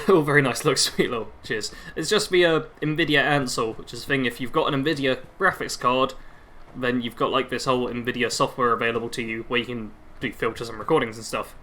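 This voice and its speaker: A man's voice: mid-range voice, a little fast, sharp tone. A young man live streaming a game on a headset mic, chatting constantly and reading chat aloud.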